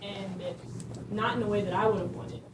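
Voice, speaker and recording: A woman's voice: mid-range voice, fairly even intonation, normal speed. A woman speaker telling a faith testimony at a conference, earnest and storytelling, laughing between lines. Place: conference room. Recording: echoey room, distant mic, background noise.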